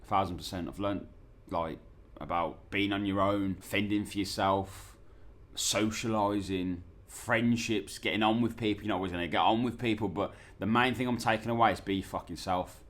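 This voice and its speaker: A man's voice: fairly low pitch, fairly even intonation, normal speed, fairly bright tone. A young man, talking in a chatty, rambling and sweary way in a casual travel vlog. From England. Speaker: vlogger.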